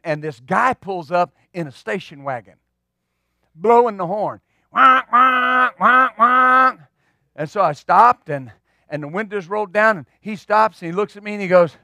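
High-voiced folksy pastor man preaching. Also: dry recording, studio quality. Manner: folksy, humorous, animated storyteller who repeats words. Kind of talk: sermon storytelling.

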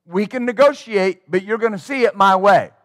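A man's voice: high voice, normal speed, dry recording, studio quality. A man preaching a sermon as pastor, emphatic and rhythmic, drawing call-and-response from his congregation.

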